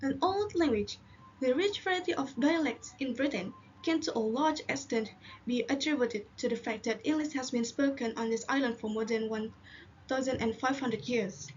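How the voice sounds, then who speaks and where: Presenter, woman from Indonesia, high voice, muffled recording with faint hiss, halting reading. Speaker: linguist presenter. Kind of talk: classroom presentation.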